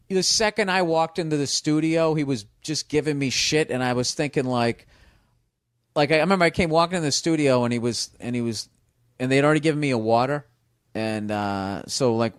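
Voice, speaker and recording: A man's voice: medium pitch, fairly quick, clean tone, dry recording, studio quality. A man telling stories casually on a podcast, swearing freely and acting out what other people said. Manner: profane, animated, acts out other people's lines. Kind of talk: casual storytelling.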